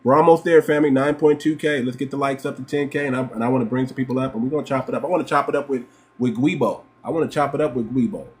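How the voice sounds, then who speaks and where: An American man hosts a livestream, talking very fast in a mid-range voice. His commentary is emphatic and repetitive, with a steady stream of rhetorical questions.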